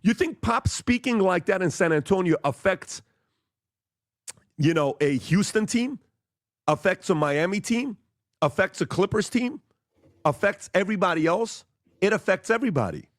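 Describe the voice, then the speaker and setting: A man's voice: high voice, lively intonation, moderate pace, long pauses, no room sound, studio quality. A man hosting his own podcast, giving heated commentary that challenges his targets with rhetorical questions. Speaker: podcast host.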